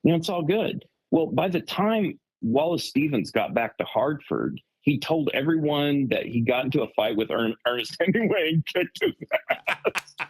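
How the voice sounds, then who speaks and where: A man on a podcast telling a story in casual chat, rambling and animated with lots of fillers. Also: on the high side, moderate pace, husky, dry recording, poor audio. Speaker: podcast co-host.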